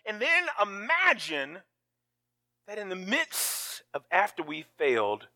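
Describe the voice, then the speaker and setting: Preaching with a fairly high-pitched, sharp-toned voice, a male pastor narrates the story with emotion. He voices the lines of its characters himself.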